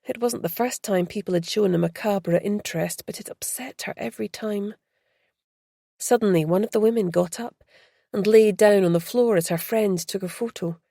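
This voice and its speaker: A woman reading a story aloud as audiobook narrator, in a measured storytelling manner. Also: medium pitch, vocal fry, dark tone, no room sound, clean studio sound. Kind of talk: scripted narration.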